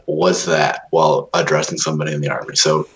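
A man's voice: extremely low pitch, fairly even intonation, fairly quick, vocal fry, fairly bright tone. A man in casual chat, telling army stories with lots of swearing and laughter. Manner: profane, laughing, military-style banter.

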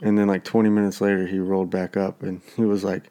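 A man with a fairly low, mellow voice tells a story in relaxed conversation. He jumps up into livelier voices when he quotes the people involved. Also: fast talker, hardly any pauses. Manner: animated storyteller acting out quotes. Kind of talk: casual storytelling chat.

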